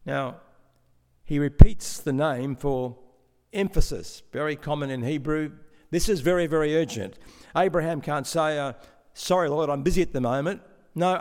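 A man preaching a sermon in a measured, explanatory way, with some stammering restarts. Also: fairly high pitch, a little mellow. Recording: long hall reverb.

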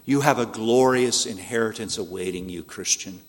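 A man's voice: lowish voice, normal speed, in a large hall. A man preaching a sermon in an earnest, pleading way, asking the listeners rhetorical questions. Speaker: pastor.

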